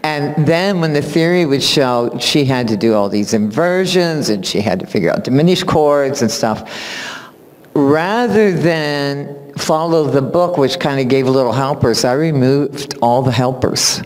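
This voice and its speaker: A man, a music teacher, giving a spoken introduction at a recital in animated storytelling fashion, acting out what people said and laughing often. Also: medium pitch, a little slow. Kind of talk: spoken tribute speech at a recital. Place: recital hall. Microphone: far camera. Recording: long hall reverb from a camera.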